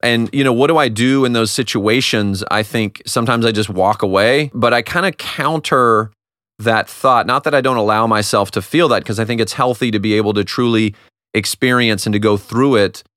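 Candid thirtysomething male host, solo reflective talk, self-deprecating, mid pitch, dry booth sound. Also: moderate pace, fairly bright tone, no room sound. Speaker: podcast host.

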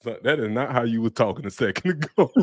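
A man co-hosting a casual sports podcast, easygoing and quick to laugh. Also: medium pitch, animated, no room sound, studio quality. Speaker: podcast co-host, former football player.

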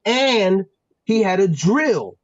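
A man from Pennsylvania, a former football player and guest, telling stories in a casual, animated, slangy way with lots of restarts. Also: high voice, takes it slowly, dry recording, lo-fi sound. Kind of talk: casual storytelling.

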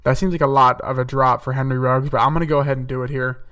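Flat-toned man, a bit off-mic. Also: medium pitch, fast talker, far from the mic. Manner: chatty, thinks aloud with fillers and self-corrections. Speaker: podcast host. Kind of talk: casual solo mock-draft commentary.

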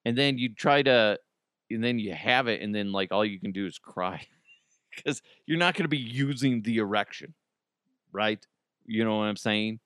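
A man's voice: fairly low pitch, normal speed, fairly bright tone, smooth, dry recording, studio quality. A man in his thirties, a podcast host, telling stories in a casual, joking monologue and laughing often.

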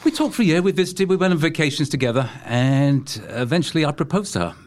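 A man's voice: a little high, expressive, fast, a little mellow. Cheeky London-accented man telling stories. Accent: London English. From England. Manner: cheeky, self-deprecating storyteller. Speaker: guest. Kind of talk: casual interview chat.

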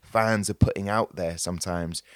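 An animated man trades jokey banter as a podcast co-host in casual chat. His voice is low-pitched at a moderate pace, in clean studio sound with no echo.

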